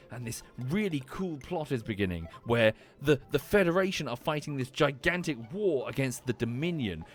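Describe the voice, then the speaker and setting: A man in his thirties, a streamer, rambling in casual chat, animated and swearing freely, with frequent restarts. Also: on the high side.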